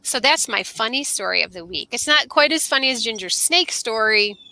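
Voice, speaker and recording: A woman co-hosting a casual podcast chat, telling a story in a lively way and acting out the voices she quotes, talking on a video call from outdoors. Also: on the high side, brisk, dry recording. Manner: animated, acts out quoted voices. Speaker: podcast co-host. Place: outdoors under an umbrella.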